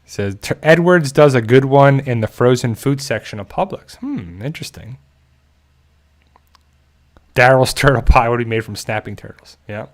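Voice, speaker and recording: A man chatting casually as a stream host, moving from one comment to the next in a loose, rambling way. He jokes often and breaks into easy chuckles, at an ordinary middle pitch for a man. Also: lively intonation, moderate pace. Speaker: channel host reading viewer chat. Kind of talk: casual livestream chat.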